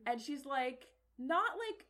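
A woman's voice: high voice, lively intonation, takes it slowly, a bit bright. A woman narrating as game master in a loose, rambling way, full of fillers. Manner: rambling, filler-heavy, casual.

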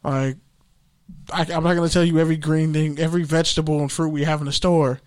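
A young podcast host tells a casual work story, loose and profane, animatedly taking on the voices of the people he quotes. His voice is a little higher than most men's, with a quick pace and clean tone.

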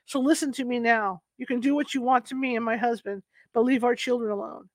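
A woman's voice: fairly high pitch, fairly even intonation, brisk, dry recording, close to an everyday voice. A woman voicing a worried young mother who speaks earnestly and pleadingly, in a storybook reading. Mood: defiant.

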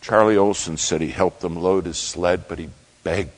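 A man preaching a sermon who tells a dramatic story, acting out the quoted voices and shouting dog commands. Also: low voice, steady tone, moderate pace.

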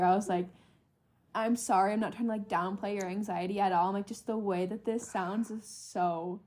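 A woman's voice: medium pitch, moderate pace, darkish tone. A young woman co-hosting a podcast, telling a funny story in casual chat and laughing often. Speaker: podcast co-host.

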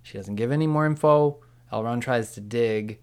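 A man's voice: medium pitch, moderate pace, a little mellow, smooth. A man co-hosting a podcast, enthusiastically retelling scenes and quoting lines in casual chat. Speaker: podcast co-host. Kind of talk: casual recap discussion.

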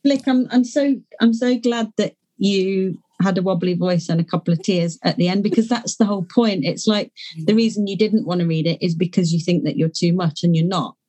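Brief: frank, down-to-earth woman, lower-pitched voice, talking openly as a podcast guest. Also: a little fast, mellow. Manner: candid, earthy, swears casually. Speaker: guest author. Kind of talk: casual conversational interview.

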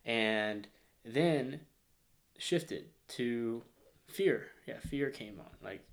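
A man in his thirties from Arkansas with a slight Arkansas accent, recounting his childhood grief in an interview, close to tears and dropping to near-whispers. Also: mid-range voice. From Northwest Arkansas, US. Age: 30s. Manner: reflective, slows and softens into near-whispers when emotional. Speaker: guest. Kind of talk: emotional personal interview.

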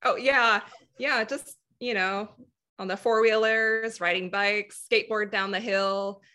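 Woman guest chatting easy, lots of laughs, sharp bright voice. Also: medium pitch, unhurried. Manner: laughs often, relaxed storytelling. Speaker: guest athlete. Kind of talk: casual interview chat.

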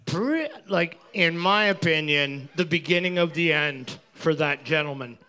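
Contestant, male, high bright voice, wisecracking and crude. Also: animated, measured pace, clean tone. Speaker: quiz contestant and co-host. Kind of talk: joking banter.

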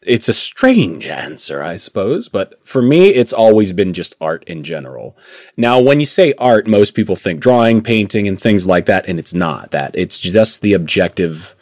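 Chatty man with a lively voice. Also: lowish voice, normal speed, no echo, studio quality. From Indiana, USA. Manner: chatty, laughs often between phrases. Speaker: voice actor guest. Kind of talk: casual interview chat.

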